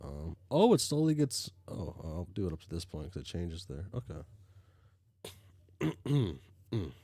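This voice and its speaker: Male streamer, gravelly and dry, lively delivery, halting reader who mutters asides. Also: sits low, no echo. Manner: halting, stammers and restarts, mutters to himself. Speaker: streamer reading a webcomic aloud. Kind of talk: casual reaction stream, reading aloud.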